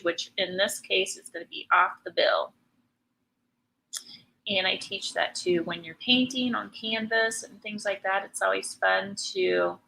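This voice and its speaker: Bright-voiced woman teaching painting live. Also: mid-range voice, gravelly, slight background noise, rough recording. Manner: chatty, teasing, laughs often. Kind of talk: live painting tutorial chat.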